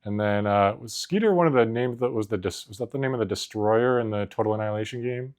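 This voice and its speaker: A man's voice: on the low side, fast talker, darkish tone. Rambling, laughing man in casual podcast chat. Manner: rambling, laughs often, lots of "like" fillers. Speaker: podcast co-host.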